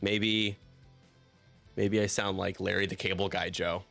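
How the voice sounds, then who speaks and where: Guy casting a tabletop game on stream, lowish gravelly voice, jokey and self-deprecating, bright tone. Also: little pitch movement, unhurried, soft background music. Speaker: league commentator. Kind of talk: live stream game commentary.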